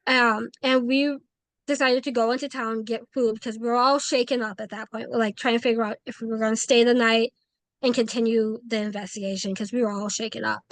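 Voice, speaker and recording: Lively woman telling a ghost story. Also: on the high side, brisk, no echo. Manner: animated, acts out quoted dialogue, frequent "like". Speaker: paranormal investigator, guest. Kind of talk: casual interview storytelling.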